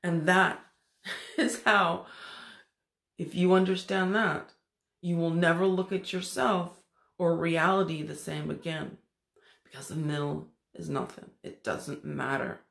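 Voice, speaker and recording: A man hosts a spiritual teaching talk, with enthusiastic, preachy delivery. His voice sits fairly high with a gravelly edge. The room around him is echoey. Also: steady tone, unhurried, fairly bright tone. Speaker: spiritual channel host.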